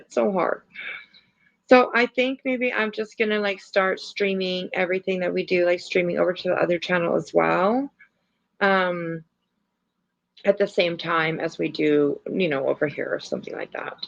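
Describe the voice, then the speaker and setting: Rambling gravelly woman livestreamer. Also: fairly low pitch, fairly even intonation, normal speed. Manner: rambling, many fillers, laughs, swears. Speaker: livestream host. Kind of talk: casual livestream chat and commentary. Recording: lo-fi stream audio.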